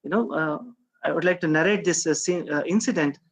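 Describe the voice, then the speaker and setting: Guy giving a talk, kinda high voice, lots of uh and um, asks himself questions. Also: brisk, creaky, slightly rough, low-quality recording. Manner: reflective, rhetorical questions, frequent hesitations. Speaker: speaker at a science outreach event. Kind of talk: conference talk.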